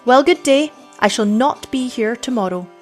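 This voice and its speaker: A woman's voice: on the high side, animated, soft background music, voice pushed up, close to an everyday voice. A woman doing a scornful village girl. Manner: scornful, superior, measured.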